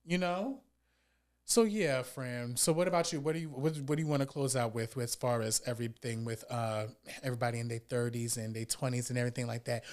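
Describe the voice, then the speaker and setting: A man in his thirties co-hosting a casual podcast, upbeat and teasing, with quick interjections. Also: mid-range voice. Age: 30s. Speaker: podcast co-host. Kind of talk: casual chat.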